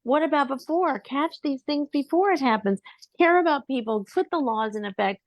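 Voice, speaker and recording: A woman's voice: high-pitched, expressive, moderate pace, dry recording. A woman on a video call speaking passionately in support of the host, stammering as she goes. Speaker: podcast participant. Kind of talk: casual chat on a video call.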